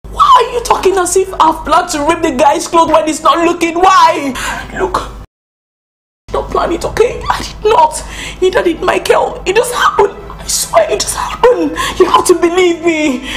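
A woman's voice: very high voice, expressive, normal speed, a bit bright. A woman with a Nigerian accent playing a distraught, pregnant young woman who talks defensively, near tears. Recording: echoey room.

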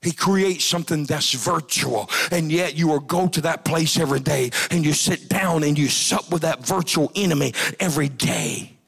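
Male pastor, gravelly husky voice, fiery revival preaching, casting for a church pulpit. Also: normal speed, few pauses. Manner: shouting preacher, rising to high-pitched cries. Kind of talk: revival sermon. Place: church sanctuary.

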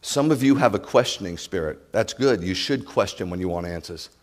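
A male rabbi preaching a sermon to his congregation, impassioned, swinging from loud declarations to hushed asides. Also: deep voice, lively intonation, fairly quick, long reverb tail. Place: congregation sanctuary.

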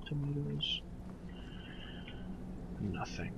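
A man casually commenting on his gameplay, swearing, muttering to himself and yelling at his companion. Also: on the high side, animated, extremely slow, gravelly, lo-fi sound, heavy background noise. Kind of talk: casual let's play commentary.

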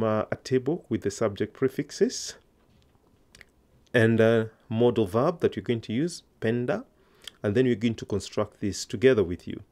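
A man's voice: medium pitch, darkish tone. A man teaching a Swahili lesson online, explaining grammar step by step and encouraging learners to repeat after him.

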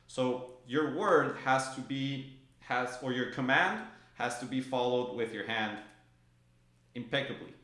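A man's voice: mid-range voice, measured pace, noisy background. A man teaching drum technique in an echoey room, his voice ringing off the walls. He explains each motion patiently and calls out stroke names in time as he plays. Drums sound behind him. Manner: calls out stroke names rhythmically while playing. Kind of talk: instructional demonstration. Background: drum playing.

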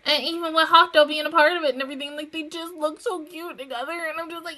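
Female reaction host, brightish higher voice, gushy and giggly, casual slang delivery. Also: steady tone, fast, few pauses. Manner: gushing and giggly, breaks into laughter; chatty with slangy asides. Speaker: anime reaction channel host.

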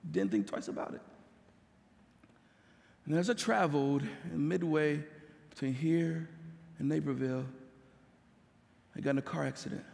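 A man's voice: fairly high pitch, moderate pace, creaky, pauses often, darkish tone. A male pastor giving an emotional sermon testimony, weeping as he speaks and rising into impassioned pleas. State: crying. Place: church sanctuary. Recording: long hall reverb.

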